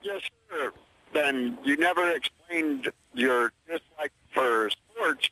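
A chatty male caller on talk radio, from Baltimore. His voice is bright and sharp. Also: fairly high pitch, slow, slight background noise, rough recording. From Baltimore, USA.

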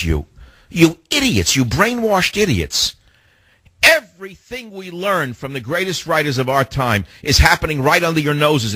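Husky, scornful older radio host. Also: male voice, mid-range voice, a bit bright, no room sound. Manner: impassioned, scornful, ranting. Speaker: radio talk show host. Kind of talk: talk radio monologue. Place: radio studio.

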